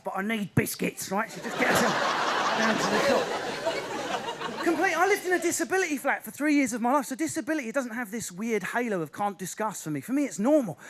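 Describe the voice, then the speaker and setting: Man, Essex accent, high voice, frantic stand-up energy, stage set. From Essex, England. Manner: fast, restless, animated delivery with sudden put-on voices. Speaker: stand-up comedian. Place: theatre stage before a live audience.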